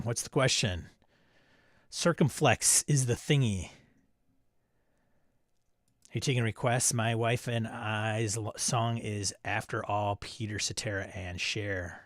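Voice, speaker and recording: A man's voice: fairly low pitch, unhurried, dry recording, studio quality. A man hosting a live stream, casually reading viewer comments aloud and riffing on them with chuckles. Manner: reads chat messages aloud, chuckling and riffing. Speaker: host of a live stream show.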